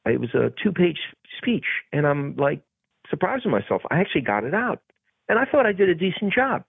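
Male actor guest, gravelly and husky, animated storyteller who acts out other voices, dry phone-like audio. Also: on the high side, fairly quick, no room sound. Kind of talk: casual storytelling interview. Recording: tinny phone-like podcast audio.

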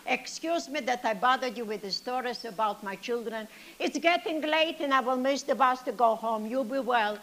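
A woman's voice: a little high, normal speed, fairly bright tone, close to an everyday voice. A woman performing a comic monologue as an elderly grandmother, telling stories with dry self-pity and sing-song asides. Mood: wry. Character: elderly Yiddish-speaking grandmother, chatty and wry.

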